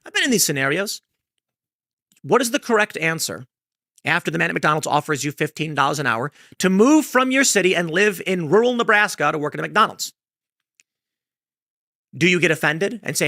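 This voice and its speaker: Guy with a gravelly, bright voice, spinning a money hypothetical, acting out little phone calls, dry sound. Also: a little high, expressive, moderate pace, pauses often, no room sound. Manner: storytelling, acts out voices in hypotheticals. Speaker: online commentator. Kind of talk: motivational monologue. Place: played clip.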